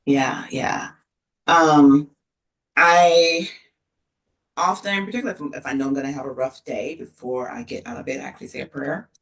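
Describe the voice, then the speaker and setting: Gravelly-voiced woman, earnest and heartfelt. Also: deep voice, a bit bright. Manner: earnest, emotional, many pauses and restarts. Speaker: associate dean of students, podcast guest. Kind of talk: casual interview conversation. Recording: distant mic.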